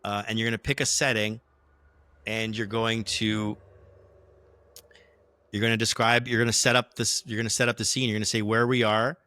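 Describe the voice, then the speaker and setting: A man with a bright, forward voice walks a friend through the rules of a tabletop game, step by step, often circling back to rephrase. He sits at an average pitch, and the sound is dry with no room echo. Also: level tone, normal speed, long pauses. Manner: explains rules step by step, rambling restarts. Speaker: rules explainer and player. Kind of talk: casual tabletop game play.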